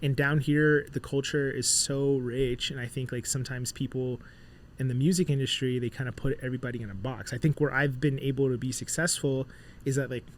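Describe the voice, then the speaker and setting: A man who is a musician guest on a casual podcast, telling animated stories and acting out bits of dialogue, with lots of filler words. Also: mid-range voice, brisk, a little hiss or hum. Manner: animated storyteller, acts out dialogue, many fillers.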